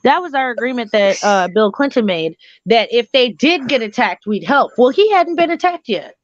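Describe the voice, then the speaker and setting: A woman's voice: on the high side, expressive, normal speed, no echo. Blunt swearing woman on a dull line. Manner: blunt, swears, talks over her co-host. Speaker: co-host. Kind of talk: casual political chat.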